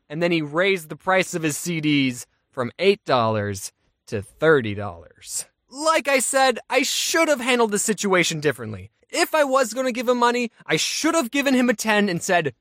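A young adult man, a YouTuber, tells an animated comic storytime in a wry, self-mocking way. His high voice has huge pitch swings and a slightly bright tone at a moderate pace. The sound is clean studio quality with no echo.

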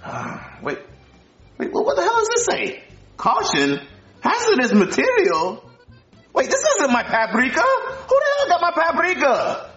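A whiny, dim teen boy, voiced by a man squeaks high and drops into groans, swinging all over in pitch for a puppet comedy. The sound is muffled and roomy. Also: wildly swooping pitch, a little slow, a bit bright, soft background music, exaggerated voice. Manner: whiny, swoops between squeaks and low groans. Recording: muffled and echoey.

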